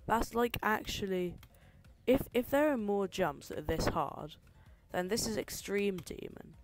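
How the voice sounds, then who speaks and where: A woman's voice: medium pitch, animated, unhurried, soft background music. A young woman streaming a game, reacting with exasperation and chatting with her viewers. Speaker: streamer playing level requests. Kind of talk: casual live-stream commentary.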